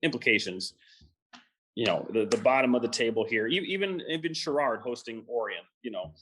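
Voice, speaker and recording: A man co-hosting a sports talk podcast, who speaks haltingly with many fillers and restarts. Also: medium pitch, animated, fairly bright tone, a little hiss or hum, poor audio. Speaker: podcast co-host.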